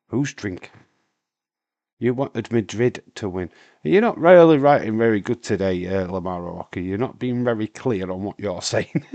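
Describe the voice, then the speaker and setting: A man, hoarse with a breaking voice, hosting a live stream in a casual, rambling chat while answering viewer comments. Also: on the low side, a little mellow, no echo. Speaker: wrestling stream host.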